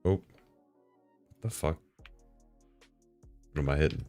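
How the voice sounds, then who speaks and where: A man live-streaming, talking casually to himself and his chat while setting up software, swearing and bursting into excited outbursts. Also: rumbling low, measured pace, soft background music.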